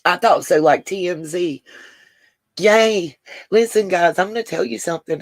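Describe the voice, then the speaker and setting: Woman livestream host, emotional, dry close sound, mid pitch. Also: normal speed, no echo. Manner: talks to chat viewers by name, Southern "y'all". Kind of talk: casual livestream chat.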